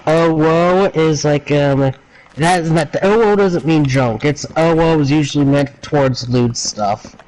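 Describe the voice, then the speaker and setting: A man's voice: on the high side, measured pace, a little mellow, rough recording. Teasing male stream guest. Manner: teasing, playful. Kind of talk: casual voice chat.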